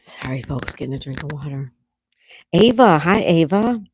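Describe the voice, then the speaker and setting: A woman hosting a casual live chat, greeting viewers by name and gently scolding her dog, with a sore throat coming on. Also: low voice, expressive, normal speed, a little hiss or hum. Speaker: livestream host.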